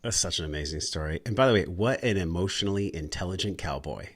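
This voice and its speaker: A man's voice: deep voice, animated, fast, a bit bright, husky. A man hosting a podcast, reflecting thoughtfully in casual interview chat. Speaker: podcast host.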